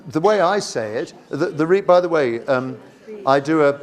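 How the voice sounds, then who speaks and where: A man leading a teacher workshop, reading poem lines aloud and asking the room questions, with many restarts. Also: medium pitch. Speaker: teacher trainer.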